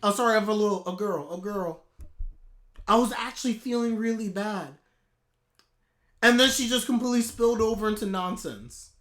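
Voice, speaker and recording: A man ranting in a live anime reaction, heated and exasperated, with sudden loud outbursts. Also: sits high, normal speed, pauses often.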